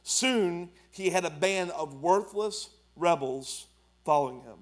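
High-voiced preacher. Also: male voice, expressive, slow. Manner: preaching with rising emphasis and Southern colloquial speech. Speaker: pastor. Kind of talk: sermon.

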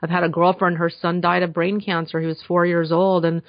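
A woman's voice: lowish voice, little pitch movement, fairly quick, no room sound. A woman speaking as a guest in a casual podcast interview, earnest and enthusiastic, with frequent fillers. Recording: dull slightly lo-fi dry sound.

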